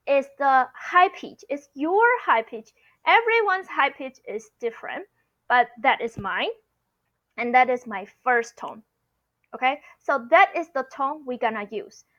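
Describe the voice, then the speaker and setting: Lady teaching in english, slow patient steps, kinda muffled lo-fi sound. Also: a little high, big pitch swings. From Taiwan. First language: Mandarin. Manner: patient, explaining step by step with frequent "okay?". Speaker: Mandarin teacher. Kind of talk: online language lesson.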